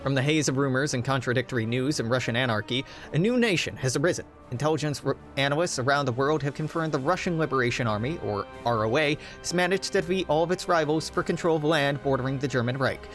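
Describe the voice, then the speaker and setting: A man's voice: medium pitch, quick pace, few pauses, fairly bright tone, faint music behind. A young man reading game event text aloud, breaking off into wry, joking asides. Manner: wry, joking asides between read-out passages. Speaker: game streamer.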